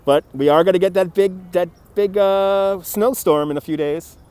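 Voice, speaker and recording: New guy doing a live walking stream outside, bit of a higher voice, chatty, reads out comments, laughs a lot, phone mic. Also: normal speed, darkish tone, smooth, no echo. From New York City. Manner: chatty, greets viewers by name, laughs easily. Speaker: livestream host. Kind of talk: live walking-tour chat reading viewer comments. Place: outdoors on a city riverfront. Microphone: phone on a handheld gimbal.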